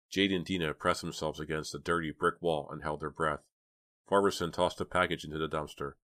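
A man narrating an audiobook in a steady, measured way. His voice is very low. The recording is dry and close, with no room sound. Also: dry recording. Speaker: audiobook reader.

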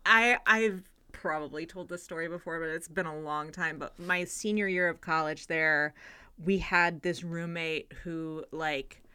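A young woman co-hosting a podcast in casual chat, wry and skeptical, quick to laugh. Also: low voice, steady tone, sharp tone, smooth. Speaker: podcast co-host.

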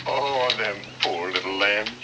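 A smooth, unctuous false preacher. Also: male voice, lowish voice, measured pace, heavy background noise. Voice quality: unctuous, sermonizing. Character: sinister smooth-talking fake preacher, grown man. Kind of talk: 1950s film acting. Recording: old film soundtrack with music.

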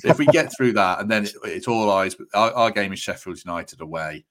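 A man hosts a casual football podcast in a very deep voice. He talks in a chatty, easygoing way, bouncing between opinions. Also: expressive, a little fast, a bit bright. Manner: chatty, laughs easily. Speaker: podcast host.

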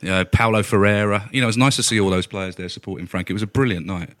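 A man guesting on a football podcast, telling stories in a rapid, self-mocking way. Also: fairly low pitch, fairly even intonation, fairly bright tone, no room sound. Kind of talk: casual football chat.

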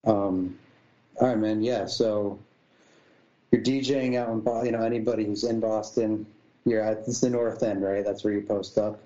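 A man's voice: fairly low pitch, steady tone, normal speed, dark tone, muffled recording. A man from Massachusetts hosting a podcast, laid-back and agreeable in casual chat. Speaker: podcast host.

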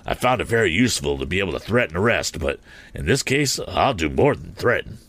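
A man's voice: deep voice, sing-song, a little fast, a bit bright, no echo, exaggerated voice. A man doing a firm middle-aged balloonist deputy. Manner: firm, commanding, matter-of-fact.

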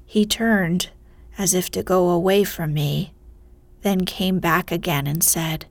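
A woman reading a fairy tale aloud in a soft voice that often drops to a whisper, in whispered storytelling. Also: lowish voice, fairly even intonation, slow pace, no room sound.

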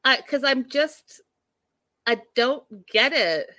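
Woman ranting about a reality show to her viewers, bright punchy voice, swears a lot, dry close mic. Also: high-pitched, animated, slow pace, no room sound. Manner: exasperated, blunt, swears freely; acts out quoted people with sudden loud bursts. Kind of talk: casual recap chat to viewers.

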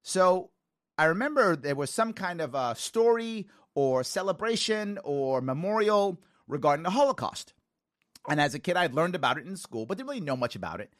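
A man in his forties from the Bronx, hosting a talk show and telling stories with lively quoted voices. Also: fairly high pitch, normal speed, dry recording, studio quality. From New York (the Bronx). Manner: animated storytelling with quoted voices.

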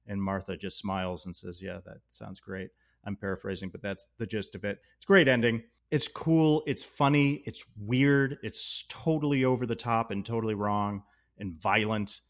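Man, podcast co-host, casual film chat, enthusiastic, lowish pitch. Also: steady tone, moderate pace. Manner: enthusiastic, acts out quotes, laughs often.

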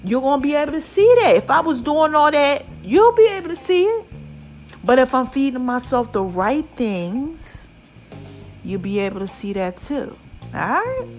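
A middle-aged woman hosting a casual podcast, animated and preachy, calling her listeners "babies" and "y'all". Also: high voice, moderate pace, soft background music. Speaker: podcast host. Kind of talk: casual encouraging podcast talk.

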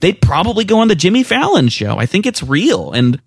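An animated man talking through a movie in casual chat, his voice sitting a little high. The sound is dry and close, with no room around it. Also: fairly quick, gravelly, slightly rough, no echo. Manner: animated, acts out quotes in raised voices. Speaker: podcast co-host.

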